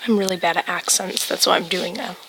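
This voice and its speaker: A woman's voice: lowish voice, fairly quick, creaky, noisy background. A woman giving casual, playful commentary while playing a bird game. She talks straight to the birds, cheering them on and scolding them.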